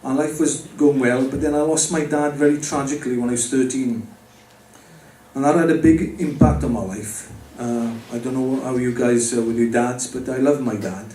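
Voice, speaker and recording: A man's voice: medium pitch, steady tone, moderate pace, mellow. A man giving a personal faith testimony to a live audience, speaking conversationally and addressing the listeners directly. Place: pub or club venue with an audience. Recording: roomy, distant mic with faint background noise.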